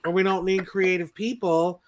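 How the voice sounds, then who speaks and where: A woman speaking on a casual panel, earnest and excitable. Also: fairly low pitch, normal speed.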